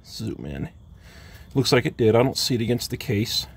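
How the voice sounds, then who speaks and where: A man's voice: mid-range voice, big pitch swings, moderate pace, vocal fry, slightly rough. A man giving casual, matter-of-fact step-by-step instructions for a home car repair, with plain talk and wry asides. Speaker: DIY car repair vlogger. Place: home driveway, working under a car.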